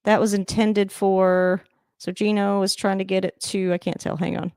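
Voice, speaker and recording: A woman's voice: medium pitch, moderate pace, clear, resonant tone, no echo, clean studio sound. Chatty woman reacting live to football. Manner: chatty, rambling, laughs often, sudden excited outbursts. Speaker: livestream host reacting to a football game. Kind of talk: casual live game reaction. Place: home room, moving around the camera.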